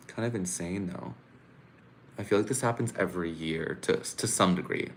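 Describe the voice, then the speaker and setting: A man's voice: deep voice, moderate pace, slight background noise. A man hosting a casual live stream from home, chatting with viewers and venting his frustration in an exclamatory way. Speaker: live-stream host reacting to a contest. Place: home room.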